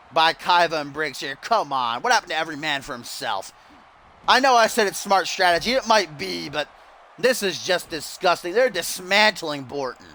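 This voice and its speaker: A man calls a wrestling video game match in a very high, gravelly voice, sharp and bright in tone. He shouts, swears and runs out of breath as the action builds, like a mock ring announcer. A faint hiss of noise sits behind him. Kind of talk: excited play-by-play commentary.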